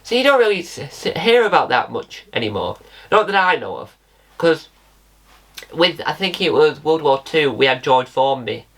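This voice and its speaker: A man's voice: on the high side, big pitch swings, moderate pace, fairly bright tone. Rambling British man hosting his channel. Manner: rambling, self-correcting, spells words out. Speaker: channel host. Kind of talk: casual solo video commentary.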